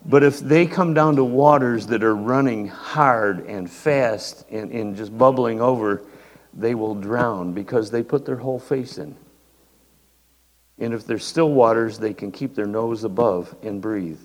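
The reverberant church hall, with a little faint noise, holds the measured, medium-pitched voice of an older man. He's a pastor giving a sermon in a homey, conversational manner.

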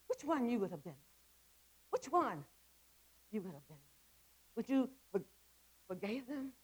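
A woman's voice: fairly high pitch, very animated, measured pace, pauses often, slightly rough, rough recording. Impassioned middle-aged woman preaching testimony. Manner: impassioned, repetitive, with stammered restarts. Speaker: women's ministry speaker. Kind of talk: testimony sermon.

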